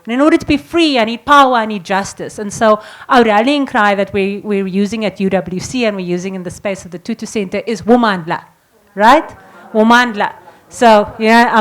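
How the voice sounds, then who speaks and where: A woman's voice: on the high side, fairly quick. A woman speaking at a conference panel, talking playfully and then rousing the audience to chant with her. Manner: rallying, playful, coaxing the audience. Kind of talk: energetic panel talk.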